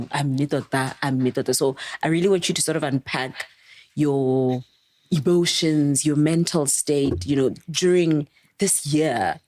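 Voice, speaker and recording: Low-voiced, slow-speaking woman host. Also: no room sound. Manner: gentle, probing questions with many fillers. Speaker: podcast host and interviewer. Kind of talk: conversational interview.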